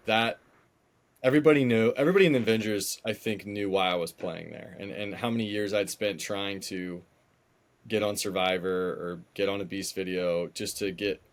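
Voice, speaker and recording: A male podcast guest telling an emotional personal story, animated and acting out the dialogue of the people in it. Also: sits low. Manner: animated storyteller who acts out quoted dialogue. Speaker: guest, former game contestant.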